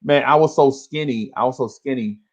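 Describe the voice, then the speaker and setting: A man, co-hosting a podcast and telling an animated story in casual chat. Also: mid-range voice, fairly quick, lo-fi sound. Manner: animated storyteller, acts out voices, laughs along. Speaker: podcast co-host.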